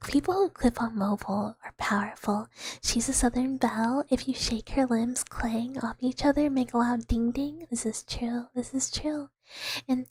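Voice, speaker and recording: A woman VTuber streamer chatting with viewers in a soft ASMR whisper, rambling with fillers and giggles, close to the mic. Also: a little high, fairly even intonation, normal speed, slightly rough, no echo.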